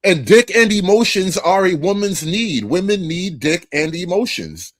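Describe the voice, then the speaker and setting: A man on a talk show panel, laying out his premise in a deliberate, argumentative way. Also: sits high, animated, fairly bright tone, no echo.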